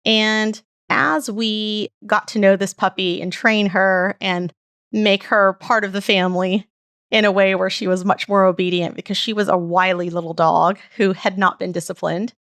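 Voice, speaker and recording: A woman's voice: medium pitch, fairly bright tone, no echo, clean studio sound. A middle-aged woman hosting a show, telling a personal story in an earnest, heartfelt way. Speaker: podcast host.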